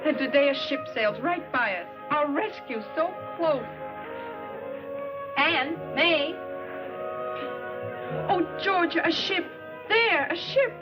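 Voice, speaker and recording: A woman's voice: high voice, animated, slow pace, pauses often, loud music behind the voice. A lamenting castaway woman. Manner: lamenting, anxious. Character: distressed stranded woman castaway. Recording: dull old film soundtrack.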